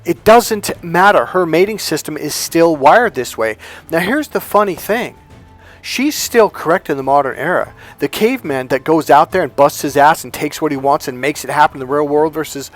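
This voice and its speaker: A man's voice: on the high side, expressive, moderate pace. Brash, profane male dating coach. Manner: profane, emphatic storytelling. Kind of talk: motivational monologue.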